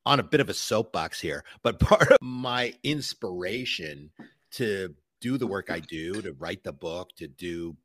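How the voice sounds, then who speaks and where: A man's voice: low-pitched, expressive, measured pace, fairly bright tone, slightly rough, dry recording, clean studio sound. A man giving an interview, telling stories emphatically and mimicking the people he quotes. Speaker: podcast guest. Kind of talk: conversational interview.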